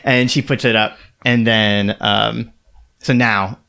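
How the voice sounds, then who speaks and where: A man's voice: lowish voice, fairly even intonation, slow pace, gravelly, pushed and bright, clean tone. A man narrating as game master of a tabletop game, loose and full of fillers.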